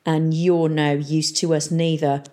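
A woman's voice: low voice, little pitch movement, unhurried, dark tone. A woman doing a growling male pirate. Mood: gruff. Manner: growling, blunt. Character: gruff, hard-edged male pirate.

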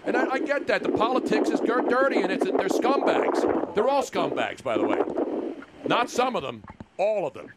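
A male talk radio host with a high voice whose pitch swings all over. He wisecracks and gives strong opinions, and clear noise sits under his line. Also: very animated, moderate pace.

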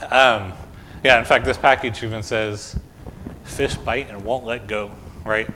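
A man's voice: medium pitch, fairly even intonation, unhurried, bright, forceful tone, a little hiss or hum. A man pastor reading the gospel, then giving a conversational children's sermon full of questions in a church. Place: church sanctuary.

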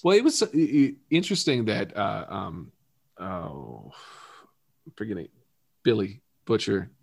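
A man with a somewhat low voice co-hosts a casual podcast, rambling through stumbles and restarts and breaking into laughter now and then. The sound is dry and close. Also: sing-song, a little slow, vocal fry, dry recording. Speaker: podcast co-host. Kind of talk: casual chat.

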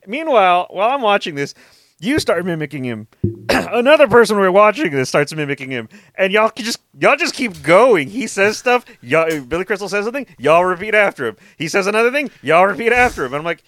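Podcast co-host: a man with an animated, high voice who laughs and jokes through casual chat. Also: a little fast, no room sound, clean studio sound. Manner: laughing, joking, swears freely.

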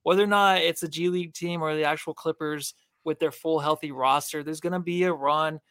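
A man's voice: on the high side, steady tone, a little fast, a bit bright, clean tone, no echo, clean studio sound. A laid-back man co-hosting a casual sports podcast, chatting and laughing easily. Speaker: podcast co-host.

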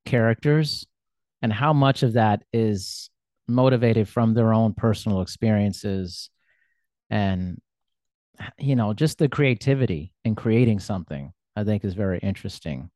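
A man's voice: fairly low pitch, a little slow, darkish tone, dry recording, clean studio sound. An American man hosting a casual interview, curious and laughing often. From United States. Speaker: podcast host.

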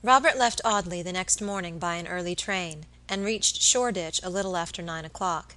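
Bright woman narrating an audiobook. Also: fairly low pitch, moderate pace, poor audio.

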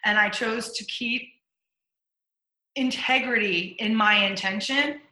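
A woman's voice: on the high side, slow, pushed and bright. A middle-aged woman, a leadership coach, telling stories from her career in a casual interview and acting out her own inner voice. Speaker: guest, leadership coach and speaker. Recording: echoey room.

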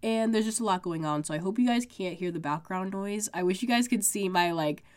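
A woman's voice: mid-range voice, brisk. A young woman from the United States hosting her own podcast, talking casually and full of fillers while sick and congested, recorded at home. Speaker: podcast host. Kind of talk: casual solo podcast chat. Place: home room with makeshift sound panels.

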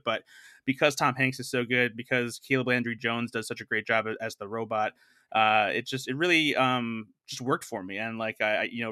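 A man's voice: medium pitch, bright, forceful tone, smooth, no room sound, clean studio sound. A man co-hosting a film podcast, reviewing movies in a rambling, earnest way with many fillers and restarts. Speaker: film editor, podcast co-host. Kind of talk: casual film review chat.

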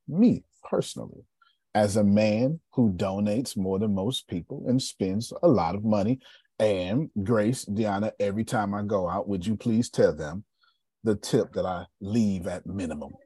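A man's voice: on the low side, breathy edge, no room sound. A man, giving a casual, joking sales seminar and checking in with his audience. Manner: animated, joking, asks the room for agreement. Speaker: sales coach. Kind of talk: casual seminar talk to a group.

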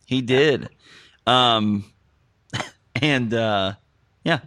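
A man's voice: mid-range voice, extremely slow, dry recording, clean studio sound. A young man hosting a casual movie-review podcast, joking and laughing at his own lines. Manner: jokey, animated, laughs at his own jokes. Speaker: podcast host.

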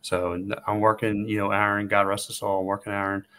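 A man's voice: on the low side, monotone, a little fast, fairly bright tone. A man telling a wrestling story in casual chat, building up to the punchline and repeating himself. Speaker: wrestler guest.

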